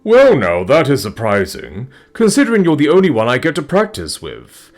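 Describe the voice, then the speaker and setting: A man voicing a kind, motherly female dragon who speaks politely and teases gently in a storybook reading. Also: medium pitch, huge pitch swings, moderate pace, faint music behind, pitched above the performer's own voice. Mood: fond teasing. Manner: polite, wistful, playful.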